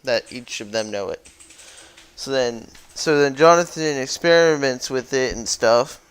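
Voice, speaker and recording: Man, joking recap, rambling, self-correcting, smooth clear voice, mid pitch. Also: unhurried. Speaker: YouTuber.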